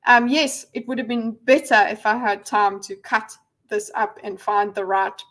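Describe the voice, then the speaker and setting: A woman chats her way through a casual livestream. Her voice sits a little high. She rambles, giggles and pokes fun at herself as she fiddles with her setup. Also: fairly even intonation, normal speed, a bit bright, rough recording. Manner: rambling, giggly, self-deprecating. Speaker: livestream host.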